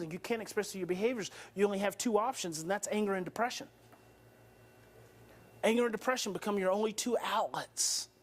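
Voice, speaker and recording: A man with a notably high voice lectures a workshop with theatrical energy. He swings into acted-out scenes and peppers the room with rhetorical questions. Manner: dramatic, acts out parents and brains, rhetorical questions. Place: workshop hall before an audience.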